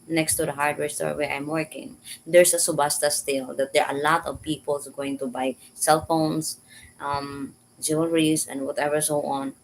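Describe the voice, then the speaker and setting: A woman casually telling a personal story in halting, repetitive English. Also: deep voice, gravelly, slight background noise, low-quality recording. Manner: halting, repeats words, simple learner English.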